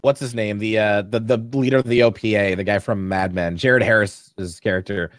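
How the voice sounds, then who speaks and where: A man's voice: on the low side, steady tone, normal speed, no echo, studio quality. A man co-hosting a TV podcast in casual chat, rambling with lots of fillers and swearing. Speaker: podcast co-host.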